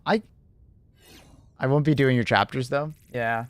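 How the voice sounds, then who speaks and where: A young man live-streaming and chatting casually with viewers, rambling with lots of fillers and quick laughs. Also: medium pitch, no room sound.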